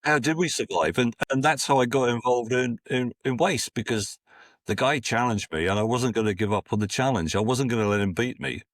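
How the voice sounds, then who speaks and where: This podcast guest, a man from Scotland in his sixties, wanders through anecdotes with frequent false starts and acted-out dialogue. His mid-range voice moves fairly quickly, and the sound is dry and clean, like a studio.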